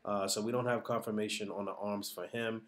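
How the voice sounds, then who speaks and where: A man's voice: on the low side, little pitch movement, a little fast. A man giving casual, reflective vlog commentary on what he saw and heard. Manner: reflective, hedging, talks things through. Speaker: vlogger.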